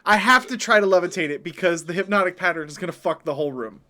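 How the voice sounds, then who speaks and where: A man's voice: high voice, quick pace, bright, forceful tone. A man playing a tabletop game, talking in a casual, rambling way full of fillers. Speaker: player.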